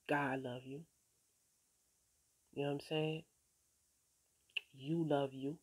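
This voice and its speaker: In a faith-filled casual vlog, a woman with a low, husky, a little mellow voice encourages her viewers. Her manner is laid-back and streetwise, with casual swearing and frequent "you know what I'm saying."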